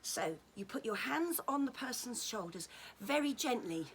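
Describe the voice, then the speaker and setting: A woman giving a friendly, chatty massage demonstration lesson, gentle in tone and joking now and then. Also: on the high side, lively intonation, moderate pace, a little hiss or hum. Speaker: children's touch therapist demonstrating massage. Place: indoors at home during lockdown.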